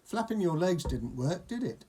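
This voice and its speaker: Man doing a slow-thinking storybook pig. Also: high-pitched, very animated, mellow, slight background noise, voice pushed up. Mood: cheerful.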